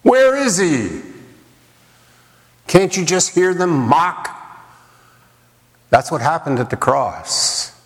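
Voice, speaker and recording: A man preaching with a fairly high voice, taking his time over each phrase. He builds his points through rhetorical questions and repeated lines. His voice rings with the long reverb of a large hall. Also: animated, slow, pauses often, a bit bright. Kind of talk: sermon.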